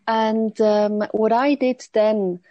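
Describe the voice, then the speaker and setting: A woman from Switzerland talking as a guest in an interview, reflective and halting, often restarting her sentences. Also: fairly high pitch, level tone, no echo, muffled recording. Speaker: guest speaker. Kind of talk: conversational interview.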